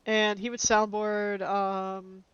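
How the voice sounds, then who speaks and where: A streamer in casual chat with friends, relaxed and rambling with lots of fillers. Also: medium pitch, slow pace, clear, resonant tone, no room sound. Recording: dull, slightly lo-fi stream audio.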